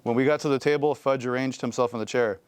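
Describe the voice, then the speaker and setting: A man reading a children's novel aloud in an expressive storytelling way, close to the mic. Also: mid-range voice, fast talker, clean tone, dry recording. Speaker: guest reader.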